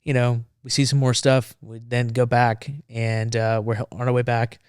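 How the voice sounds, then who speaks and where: A man's voice: mid-range voice, level tone, normal speed, a little mellow, smooth, no echo, studio quality. A man, a former Marine, telling a story casually and animatedly on a podcast, acting out the dialogue.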